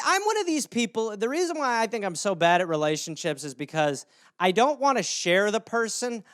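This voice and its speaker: Animated swearing man ranting solo. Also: high-pitched, clean tone, no room sound, studio quality. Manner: animated, swearing, acting out little scenes in silly voices. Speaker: podcast host. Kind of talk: solo comedic rant.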